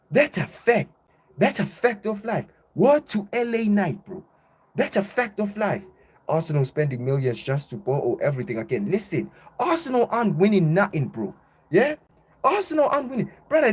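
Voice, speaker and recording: A young man hosting casual football banter, ranting loudly and animatedly, packing his talk with slang and repeated "bro". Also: sits high, breathy edge. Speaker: football channel host.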